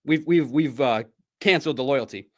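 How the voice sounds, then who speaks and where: A man hosting a sports podcast in casual chat, bantering playfully and trading friendly trash talk, jumping between loud bursts and low asides. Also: normal speed.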